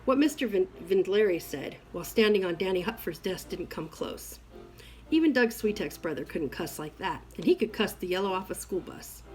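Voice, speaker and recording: A woman reading a novel aloud in an expressive first-person storytelling voice. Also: mid-range voice, normal speed, faint music behind, low-quality recording. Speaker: reader.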